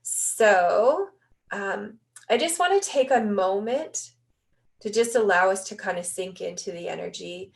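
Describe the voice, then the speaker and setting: A woman hosting a spiritual online session, speaking gently and meditatively over a video call. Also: mid-range voice, animated, unhurried, vocal fry. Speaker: session host.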